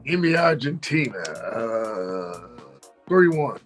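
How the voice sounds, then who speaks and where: A man co-hosting a casual sports talk show, relaxed and brief, often pausing with fillers. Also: mid-range voice, faint music behind. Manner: relaxed, brief, fills pauses with uh.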